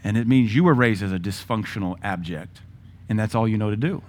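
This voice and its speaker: A man's voice: lowish voice, fairly quick, a little mellow. Middle-aged male pastor, emphatic sermon delivery in punchy bursts. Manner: emphatic, punchy lists of words.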